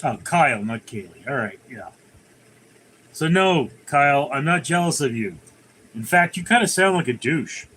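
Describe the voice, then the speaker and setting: A man's voice: medium pitch, animated, moderate pace, fairly bright tone, slight background noise. A man hosting his own livestream, chatting casually, rambling through jokes and reading viewer comments aloud from his computer at home. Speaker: livestream host.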